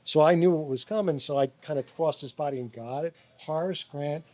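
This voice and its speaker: A middle-aged man from Long Island, a former basketball player, telling animated stories as a guest, swearing and acting out quotes. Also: fairly high pitch, a little fast. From Long Island, New York. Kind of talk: animated storytelling. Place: restaurant.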